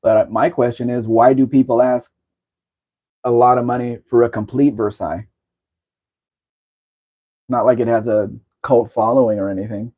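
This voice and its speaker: A man's voice: mid-range voice, flat delivery, normal speed, long pauses, phone-quality sound. Chatty man with rambling car talk. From Southern California. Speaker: show host. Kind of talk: casual live-stream chat.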